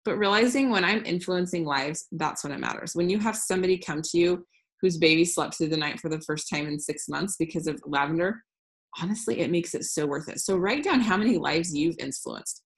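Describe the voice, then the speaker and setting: A woman in her thirties giving a casual, upbeat business training talk, frank and full of restarts. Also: on the low side. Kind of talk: casual training talk over screen share.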